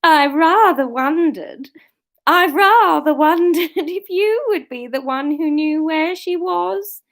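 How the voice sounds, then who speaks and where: A petrified little assistant, fretful and fluting high up the scale, drawing every word out slowly in a campy comic accent, as a woman reading a story puts her on. She sounds worn thin and on the edge of tears. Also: fairly bright tone, full character voice. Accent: campy put-on English comic voice. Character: browbeaten petrified female assistant.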